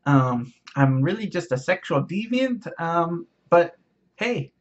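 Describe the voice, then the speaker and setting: Man doing a high, whiny send-up of a greedy preacher; husky, lo-fi. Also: sing-song, takes it slowly. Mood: mocking. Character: mocking caricature of a greedy male preacher.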